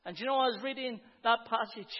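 A man in his fifties shares his testimony as a sermon before roughly 150 people in a church hall, speaking earnestly and repeating "and you know, friends" again and again. His voice is extremely high and a little quick. The recording is dull and lo-fi, with plenty of hall reverb.

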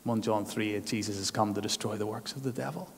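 A man's voice: lowish voice, fairly even intonation, fast talker, gravelly, a little hiss or hum. A man preaching a sermon as pastor, earnest and emphatic, leaning on repeated phrases. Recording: long hall reverb.

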